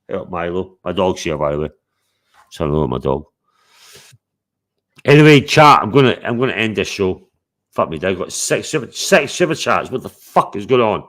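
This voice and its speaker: A man's voice: lowish voice, expressive, moderate pace, fairly bright tone. A man hosting a live stream, talking bluntly and confrontationally, swearing a lot. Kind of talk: heated live stream chat.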